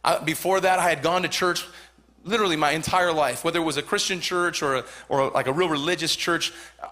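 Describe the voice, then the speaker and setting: Male pastor in his forties, Southern Californian accent, high bright voice, fervent sermon delivery with repeated lines. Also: brisk. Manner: fervent, repetitive, rising to shouts.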